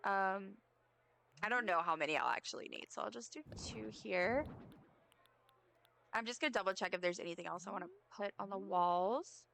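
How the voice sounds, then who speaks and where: During a casual gaming stream, a young woman rambles and jokes about herself in a chatty way. Her voice is medium-pitched, gravelly and fairly bright, at normal speed, with no room sound.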